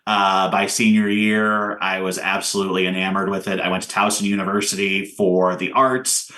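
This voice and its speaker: A theater director from Indiana tells his story in a relaxed, rambling way, full of ums and uhs. His voice sits fairly low, and the talk runs loose and unscripted. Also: moderate pace. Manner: relaxed, rambling, many fillers. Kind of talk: casual interview chat.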